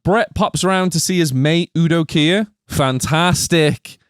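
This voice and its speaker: A man's voice: fairly high pitch, clear, resonant tone, no room sound, studio quality. A man co-hosting a film podcast, teasing his co-host and swearing freely. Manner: teasing, quick banter, swearing. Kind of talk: casual film review chat.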